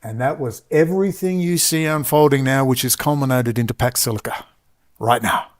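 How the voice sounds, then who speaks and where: A man's voice: mid-range voice, moderate pace. A middle-aged man with an Australian accent, telling a long personal story with emphatic asides and frequent digressions. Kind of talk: rambling personal storytelling monologue.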